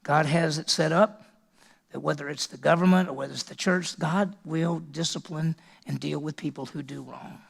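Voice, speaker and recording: A male pastor preaching with emphasis, firing rhetorical questions at his listeners. His voice sits high for a man and has a gravelly texture. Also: fairly even intonation, moderate pace. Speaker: senior pastor. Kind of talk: sermon.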